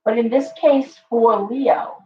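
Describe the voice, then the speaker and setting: A woman's voice: a little high, slow pace, a little hiss or hum. A woman hosting a live-stream tarot reading, chatty and reassuring, talking straight to her viewers while she is losing her voice. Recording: roomy, slightly dull live-stream audio.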